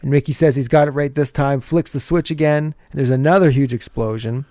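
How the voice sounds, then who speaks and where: A man's voice: mid-range voice, steady tone, a little fast, warm tone, dry recording, studio quality. A man co-hosting a podcast, casually recapping a TV episode scene by scene and laughing often as he goes.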